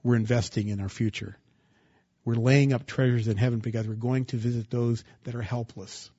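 Man, pastor, sermon, husky voice, rhetorical questions, lo-fi sound. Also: mid-range voice, steady tone, moderate pace, no echo. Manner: preaching with rhetorical questions and sudden loud emphasis.

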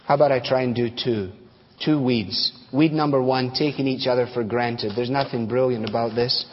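A man's voice: medium pitch, fairly even intonation, moderate pace, a little hiss or hum. A man preaching in a chatty, folksy way, winding through stories with fillers and asides. His voice sits in the middle range. A long reverb hangs over it, and the recording sounds dull and a bit lo-fi. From United States. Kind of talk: sermon with storytelling.

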